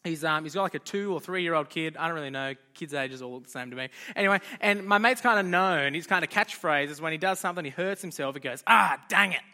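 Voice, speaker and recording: Young guy, youth leader, chatty and jokey, high voice, bright tone. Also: fast, few pauses. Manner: chatty, joking, loose and informal. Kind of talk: casual youth group talk.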